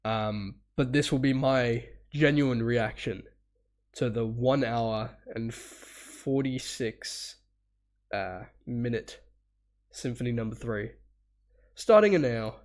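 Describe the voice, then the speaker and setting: A man with a stuffy, sniffly cold rambles casually through a live reaction stream in a slow, mid-range voice with a darkish tone. He laughs, swears now and then, and hums parts aloud.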